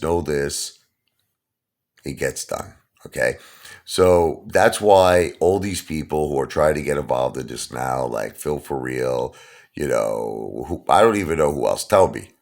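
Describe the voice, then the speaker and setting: Gravelly, very deep Brooklyn man. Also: measured pace, a little mellow. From Brooklyn, New York. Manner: tough-talking, repeats "you understand?" and "okay?". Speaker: channel host. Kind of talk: casual storytelling monologue.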